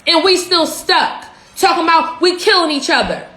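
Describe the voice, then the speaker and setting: A woman's voice: very high voice, lively intonation, normal speed, pushed and bright. A young woman in Philadelphia giving a profane, fired-up livestream rant, firing off rhetorical questions. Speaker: social media business coach. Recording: echoey room.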